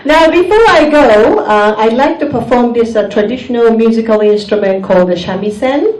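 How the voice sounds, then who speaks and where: A woman from Japan with a Japanese accent, doing a stand-up comedy set in a deadpan manner with slightly broken English. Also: on the high side, moderate pace, some chatter behind. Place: comedy club stage. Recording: echoey venue mic heard from a distance, audience noise. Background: audience laughter.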